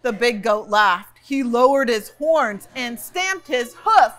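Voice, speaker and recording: Librarian reading aloud to kids, high bright lively voice, unhurried. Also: female voice. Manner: playful, expressive, chatty asides. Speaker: library storytime reader. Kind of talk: reading a picture book aloud.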